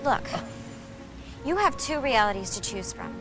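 A woman's voice: fairly high pitch, very animated, unhurried. An actress playing a spirited young woman ghost who scolds and pleads insistently, in film dialogue. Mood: earnest. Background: film score music.

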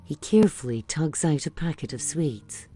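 A woman reading scripted audio description of a film, calm and even. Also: low-pitched, normal speed, faint music behind.

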